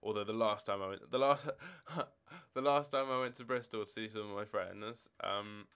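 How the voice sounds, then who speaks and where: Smooth-voiced young man chatting on stream. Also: lowish voice, steady tone, a little fast, fairly bright tone. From Scotland. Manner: rambling, chatty, answering chat questions as they come. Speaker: game streamer. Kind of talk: casual live-stream chat. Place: home room with football shirts and drawers.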